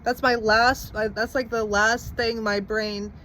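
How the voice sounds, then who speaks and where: A woman's voice: fairly high pitch, level tone, measured pace, sharp tone, a little hiss or hum. A young woman casually recounting a personal story to camera, rambling with lots of "like" and some swearing. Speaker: vlogger telling her story.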